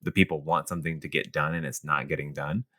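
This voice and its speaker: A man's voice: a bass voice, little pitch movement, quick pace, bright, forceful tone. A man from Texas co-hosting a political podcast, speaking in an emphatic, impassioned way. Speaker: podcast co-host. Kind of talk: casual political chat.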